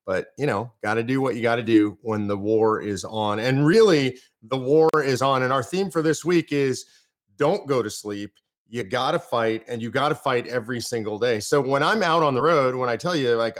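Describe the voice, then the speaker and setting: Fired up and emphatic, this American political podcast host drives his arguments home through strings of repeated phrases. His voice is medium in pitch and a bit bright.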